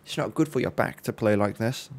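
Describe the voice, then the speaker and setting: A man casually commenting while playing a horror game, joking, reacting fast and swearing now and then. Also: on the low side. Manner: jokey, swears, quick reactions. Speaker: let's play host.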